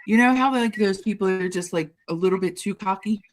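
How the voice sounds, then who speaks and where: A woman's voice: medium pitch, fairly quick. A woman office manager telling a story casually on a livestream, chatty and rambling with plenty of fillers. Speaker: dental office manager, streamer.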